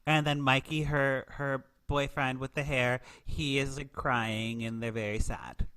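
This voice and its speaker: A man's voice: mid-range voice, flat delivery, unhurried, sharp tone, smooth. A man hosting a podcast, recapping a TV movie in casual chat, joking with many filler words. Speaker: podcast host.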